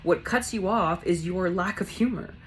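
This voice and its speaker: A woman doing a casual tarot reading, chatty and blunt, swearing casually and acting out quick voices in her asides. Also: on the low side, a little hiss or hum, rough recording. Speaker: tarot reader.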